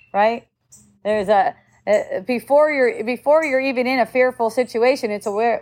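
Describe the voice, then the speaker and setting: A middle-aged woman gives a relaxed spiritual talk in a fairly high voice. She muses aloud in a conversational way and drifts into acting out the voices of the people she quotes. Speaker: spiritual teacher.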